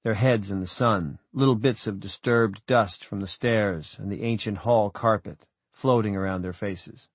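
A man giving measured, reflective first-person audiobook narration on a close studio mic. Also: fairly low pitch, fairly even intonation, slightly rough, dry recording.

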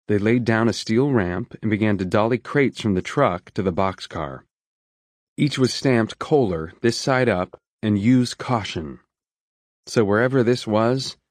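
A man reading an audiobook in a measured, steady storytelling manner on a close studio mic. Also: lowish voice, dry recording. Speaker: audiobook narrator. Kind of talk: scripted narration.

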